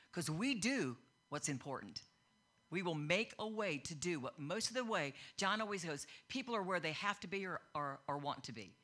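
A middle-aged woman preaching a sermon, animated, acting out quoted voices and growing loud and excited. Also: low voice. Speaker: pastor.

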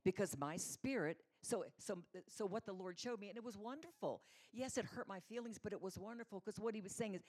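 A woman's voice: lowish voice, fast talker, slightly rough. A middle-aged woman teaching a sermon, telling personal stories and acting out the voices in them. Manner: animated storyteller acting out voices. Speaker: women's Bible teacher.

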